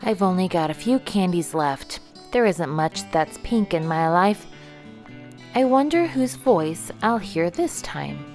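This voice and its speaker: A woman reading a children's picture book aloud in an expressive storybook manner. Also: on the low side, measured pace, faint music behind.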